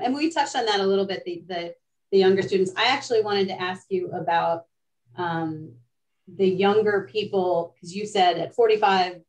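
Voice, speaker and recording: A woman's voice: lowish voice, far from the mic, low-quality recording. A woman moderating a round table panel, hesitant and full of fillers as she frames the next question. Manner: halting, many fillers.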